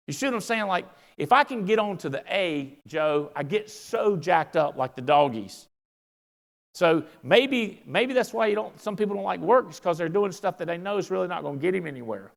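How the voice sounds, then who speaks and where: A man with a drawl speaks to a convention crowd, folksy and easily excited as he rambles through stories. His voice sits a bit high and has a gravelly edge. The sound carries a long reverb from the large hall. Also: normal speed. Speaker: company founder speaking at a convention. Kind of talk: motivational convention speech.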